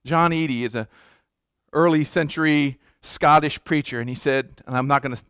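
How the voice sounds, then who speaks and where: High-voiced preaching man, dry sound. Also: normal speed, a bit bright, clear, resonant tone, dry recording. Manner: emphatic preaching with repeated words and restarts. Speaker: pastor. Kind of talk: sermon.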